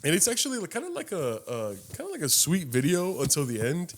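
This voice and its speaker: A man's voice: wildly swooping pitch, quick pace, a little hiss or hum. A man co-hosting a podcast in casual chat, with a laid-back, slangy way of talking. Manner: laid-back, slangy, breaks into high-pitched laughter. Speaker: podcast co-host.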